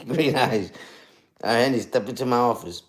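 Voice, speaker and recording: This husky, medium-pitched man in his forties talks at a normal speed while hosting a casual livestream chat from his phone. He's slangy and chatty, answers viewer comments, and tags his lines with "you heard?"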